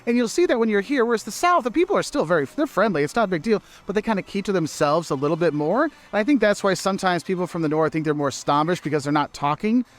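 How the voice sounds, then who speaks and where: High, fast-talking male travel vlogger. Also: lively intonation. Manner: fast, upbeat, explanatory. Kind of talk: travel advice to camera.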